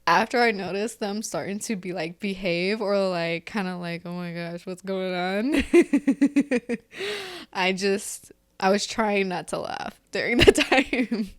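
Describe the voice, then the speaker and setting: A woman in her thirties co-hosts a relaxed podcast chat. Her voice sits at a middle pitch, and she breaks into laughter often as she tells stories about her kids. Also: slow pace. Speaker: podcast co-host. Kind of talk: casual chat.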